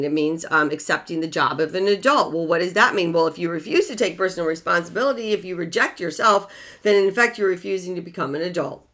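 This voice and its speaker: A woman relationship coach giving an unscripted advice monologue, emphatic, repeating key words and swinging from soft to loud. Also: on the low side.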